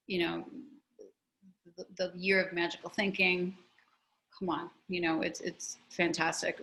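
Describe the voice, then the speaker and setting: Chatty, lower-voiced woman on a video call. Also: gravelly, poor audio. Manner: chatty, animated storytelling with many restarts. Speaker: author discussing her memoir. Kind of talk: conversational video-call interview.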